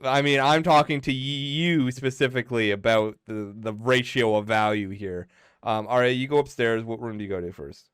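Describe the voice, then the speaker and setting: A man's voice: medium pitch, fairly even intonation, moderate pace, fairly bright tone, smooth, no echo, clean studio sound. A man acting as game master, narrating a tabletop game in a laid-back way with lots of fillers and chuckles.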